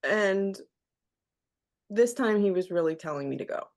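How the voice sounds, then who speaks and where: Expressive and unhurried, her mid-range voice has a darkish tone. She's a radio host in her thirties, appearing as a podcast guest and candidly telling an emotional story of her own while often quoting what others said to her.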